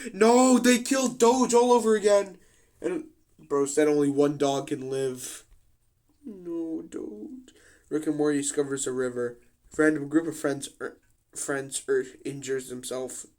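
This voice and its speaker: A young man giving casual commentary on a game simulation, slangy and full of swearing and joking asides. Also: a little high.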